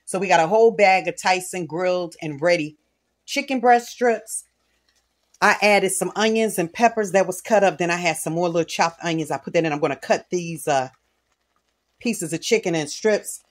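Woman, middle-aged, cooking vlog host, candid testimony, earnest, lowish voice. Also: moderate pace.

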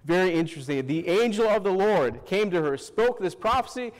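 A pastor delivers a sermon in a fairly high voice, calling out questions to the congregation and tagging lines with "Amen". His words trail off into a long hall reverb. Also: animated, fairly quick.

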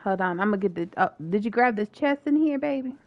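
A woman streams a co-op game with a voice that leaps up and down through her pitch. She talks loosely and playfully, tossing out curses and jokes as she loots and fights. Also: expressive, quick pace, no echo, dull audio. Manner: playful, swears and laughs often. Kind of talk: casual gaming chat.

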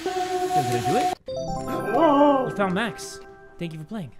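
A young man doing let's-play commentary, excitable and crude, joking loudly at the screen. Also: high voice, a little slow, over music. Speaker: gaming YouTuber.

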